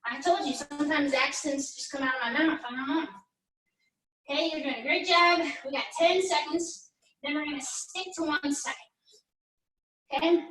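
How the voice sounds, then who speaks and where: Woman pilates instructor, high voice, chatty rep-counting, roomy distant sound. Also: steady tone, moderate pace, pauses often, fairly bright tone. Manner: encouraging, chatty, counts down reps. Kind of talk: workout class instruction. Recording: echoey room, mic at a distance.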